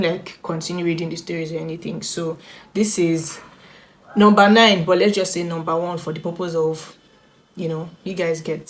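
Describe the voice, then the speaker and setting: A woman YouTuber with a fairly low, slightly bright voice hosts a reaction storytime vlog, chatting straight to her viewers with bouncy, restless energy. Bubbly and chatty, she reads internet stories aloud, breaks off to comment, and laughs often between lines.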